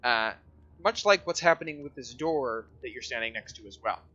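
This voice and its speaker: Bright-voiced man running a tabletop game. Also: medium pitch, animated, normal speed, dull audio. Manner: explanatory, descriptive, hesitant with fillers. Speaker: game master.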